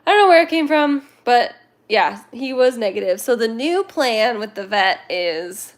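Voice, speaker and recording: A woman's voice: fairly high pitch, lively intonation, normal speed. Chatty, playful young woman. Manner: chatty, playful, giggly, rambling. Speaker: cat rescue livestream host. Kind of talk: casual livestream chat with viewers.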